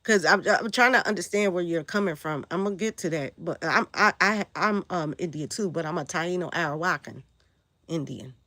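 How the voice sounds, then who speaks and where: A woman's voice: lowish voice, moderate pace, pushed and bright, no echo. A woman hosting a casual spiritual livestream, rambling and answering viewer comments as she goes.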